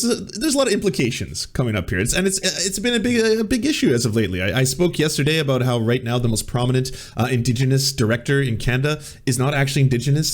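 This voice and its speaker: A man delivers sarcastic commentary on video clips in a dry, stammering way. His voice sits at an ordinary middle pitch. He sounds like a host on a comedy stream.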